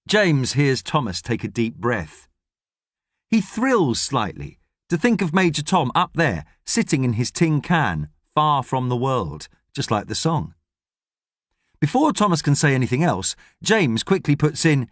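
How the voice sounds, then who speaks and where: A man narrating an audiobook with expressive storytelling. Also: mid-range voice, measured pace, dry recording, clean studio sound. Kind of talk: scripted narration.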